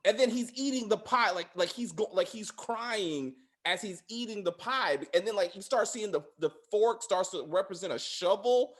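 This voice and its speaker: A man hosting a casual show review, retelling scenes in an excitable, profane way. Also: sits high, normal speed, few pauses. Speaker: podcast host.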